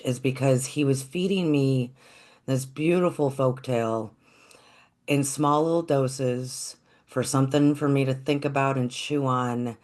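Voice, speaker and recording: A storyteller telling a folktale in a gentle, reflective, unhurried way. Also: mid-range voice.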